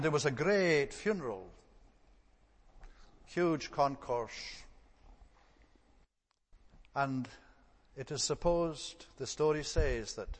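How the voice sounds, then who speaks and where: Male preacher, mid-pitched, emphatic sermon delivery, long hall reverb. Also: fairly bright tone. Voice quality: emphatic, rising to stress points then dropping low.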